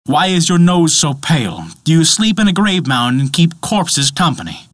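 Guy playing a big indignant thunder god, bossy, pitch all over the place, dry. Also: sing-song, normal speed, no echo. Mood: mocking. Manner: commanding, indignant. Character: indignant mighty male thunder god, a father.

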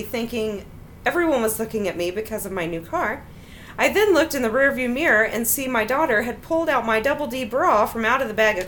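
Woman, high voice, very animated pitch, reads out funny stories, laughs often. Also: slight background noise. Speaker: host reading out funny stories. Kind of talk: reading stories aloud, casual chat.

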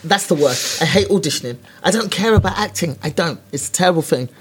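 Female comic, raspy-edged, blunt and self-deprecating, swears freely. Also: lowish voice, expressive, fast talker. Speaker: stand-up comedian. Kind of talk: casual podcast chat.

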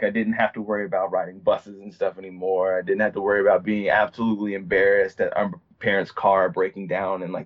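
A man's voice: fairly low pitch, muffled recording. A young man from Virginia telling a personal story in a casual, rambling way, full of fillers and restarts. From Virginia, USA. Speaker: podcast guest.

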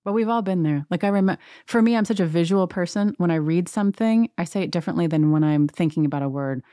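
A woman's voice: fairly low pitch, quick pace, dry recording, clean studio sound. Sarcastic woman ranting through a TV recap. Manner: sarcastic, gossipy, animated. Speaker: reality TV recap podcaster. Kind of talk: rant-filled casual recap.

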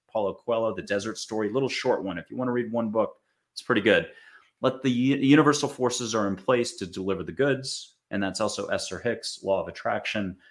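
A man from the United States giving a casual spiritual talk to an audience, chatty and acting out little quoted voices. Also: lowish voice. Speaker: spiritual speaker.

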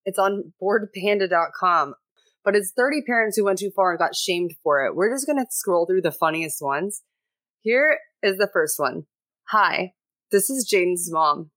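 A woman hosting a parenting podcast panel, telling stories in a lively, animated way. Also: mid-range voice, normal speed, no echo. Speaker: podcast host. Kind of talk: casual panel chat.

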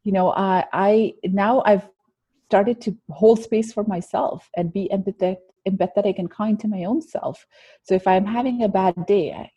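A woman's voice: medium pitch, steady tone, normal speed, mellow, slightly rough, no room sound, dull audio. A woman guest telling a personal story in an interview, earnest and reflective, with frequent restarts.

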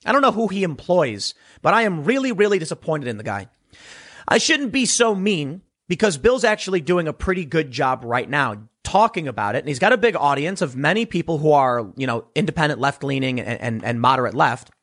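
A man's voice: fairly high pitch, brisk. A man delivering a sarcastic political opinion monologue, talking straight to his audience. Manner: animated, sarcastic, mocking voices of others. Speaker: political commentator.

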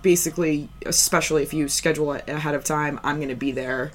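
Low-voiced nonchalant woman podcaster. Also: fast. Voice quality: nonchalant, flat delivery. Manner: filler-heavy, rambling with many "like"s. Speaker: podcast co-host. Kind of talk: casual podcast chat.

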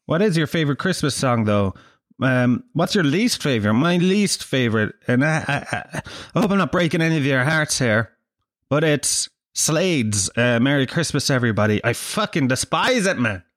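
A man's voice: medium pitch, lively intonation, moderate pace, a bit bright, no echo, studio quality. A man ranting in a casual vlog, sweary and sardonic. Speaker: vlogger. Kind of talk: casual rant to camera.

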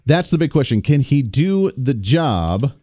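An American man hosting a political talk radio show, talking in an animated, sarcastic way and mocking quotes with put-on voices. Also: medium pitch, a little slow, no echo, studio quality.

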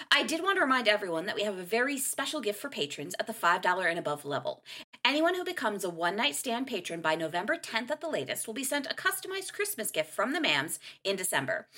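A woman's voice: mid-range voice, bright, forceful tone. A woman co-hosting a podcast, chatting playfully and reading out announcements. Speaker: podcast co-host. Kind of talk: casual chat.

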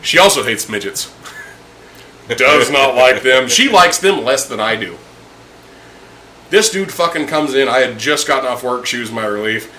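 A man telling a long, profane story to friends over drinks, animated and quick to laugh. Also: mid-range voice, a little hiss or hum, rough recording. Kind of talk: casual chat over drinks. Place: indoors with friends.

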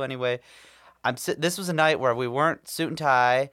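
A man, co-hosting a casual podcast. He tells stories bluntly and swears freely, at an everyday middle pitch. The sound is dry and close. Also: animated, fast talker, fairly bright tone, clear, resonant tone, no echo. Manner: blunt and profane, storytelling. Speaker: podcast co-host. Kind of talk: casual chat.

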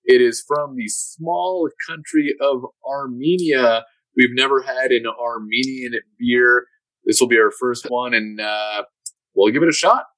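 A man's voice: mid-range voice, unhurried, fairly bright tone, no echo, low-quality recording. A man co-hosting a podcast in casual chat, often stammering and repeating words. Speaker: podcast co-host.

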